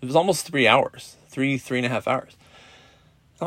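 A middle-aged man hosting a podcast, telling a personal story in a casual, profane, animated way with lots of quoted dialogue. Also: mid-range voice, normal speed, dry recording. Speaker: podcast host. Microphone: podcast app recording.

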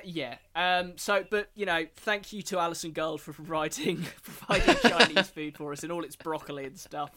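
A young man co-hosting a casual podcast, with a bright, forceful voice that sits a little high for a man. He talks haltingly, full of ums and restarts, with a wry tone. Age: young adult. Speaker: podcast co-host.

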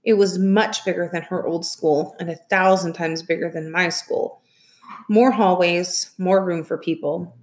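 Woman, reads a novel aloud, soft, steady storytelling. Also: fairly low pitch, a little slow. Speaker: reader.

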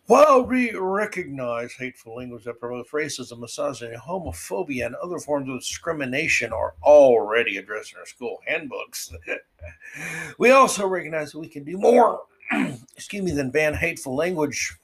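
A man hosting an opinion podcast monologue, sarcastic and mocking, drawing some words out slowly and rushing through quick asides. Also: on the high side, animated, a bit bright. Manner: swings between slow drawl and quick asides. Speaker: podcast host.

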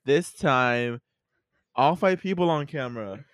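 A teenage boy with a Mexican American accent hosts a casual chat with friends. He is animated, laughs easily and trails off into restarts. His voice sits at a middling pitch, recorded dry and close. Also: a little slow, dry recording. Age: teens. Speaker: podcast host.

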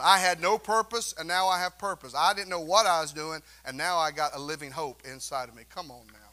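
Male pastor, high bright voice, emphatic call-and-response sermon in a church. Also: a little hiss or hum. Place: church sanctuary.

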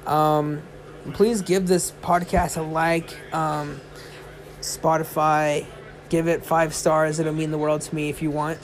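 A young man with a high voice rambles on his own podcast, tired and yawning in the small hours. He fills his talk with "um" and "like." A faint hiss of noise sits behind him. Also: little pitch movement, takes it slowly. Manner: rambling and chatty, many fillers. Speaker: podcast host. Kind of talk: casual solo podcast chat. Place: indoors, lying in bed.

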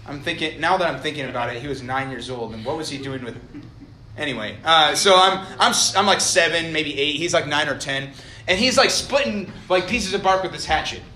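A young man from Idaho gives a relaxed storytelling sermon to a college crowd, chatty and self-deprecating. His voice sits a little high and sounds bright and forceful, carried by a roomy echo with a faint hum of ambience behind it. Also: a little fast. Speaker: college ministry director preaching. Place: college meeting hall. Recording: echoey hall.

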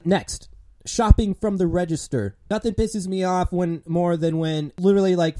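A man's voice: mid-range voice, mellow. A young man ranting casually about his job as a grocery cashier, swearing often and sounding exasperated. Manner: profane, exasperated, lots of fillers.

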